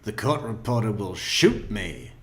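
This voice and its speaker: Low, slow-talking sarcastic male streamer. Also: lively intonation, a bit bright. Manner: sarcastic, profane asides. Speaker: live-stream host commenting on a trial. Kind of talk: casual live commentary. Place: home office.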